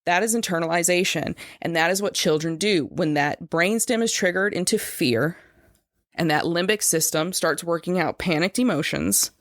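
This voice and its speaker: A woman's voice: on the low side, dry recording, clean studio sound. A woman hosting a solo podcast, explaining earnestly and talking straight to her listeners. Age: adult over 25. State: choked up at moments. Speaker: podcast host.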